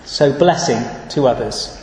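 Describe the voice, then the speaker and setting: A man giving an earnest, measured sermon and reading scripture verses aloud, recorded in a church. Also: mid-range voice, expressive, darkish tone, a little hiss or hum. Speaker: preacher. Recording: echoey church hall.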